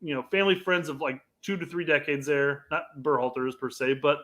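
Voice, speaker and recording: A man co-hosting a soccer podcast in casual chat, halting and repeating words, with a sarcastic edge. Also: a little high, fairly even intonation, fairly bright tone. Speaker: podcast co-host.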